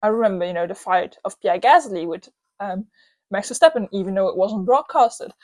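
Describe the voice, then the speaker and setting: A young woman hosting her own podcast, ranting casually with lots of fillers and quick restarts. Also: medium pitch, dry recording. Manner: animated, rambling, many "like" fillers. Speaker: podcast host. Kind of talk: solo podcast rant.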